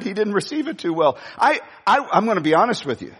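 A man preaching a sermon with a boisterous voice, telling a story in an animated way and acting out the quotes. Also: high voice, quick pace, hardly any pauses, husky. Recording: long hall reverb.

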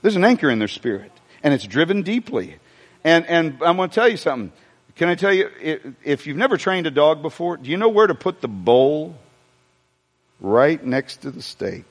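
A man's voice: on the high side, normal speed. A man preaching a sermon to a congregation, joking and asking the room questions as he goes. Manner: animated preaching with humor and asides to the congregation. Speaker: pastor. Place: church sanctuary before a congregation. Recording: long hall reverb.

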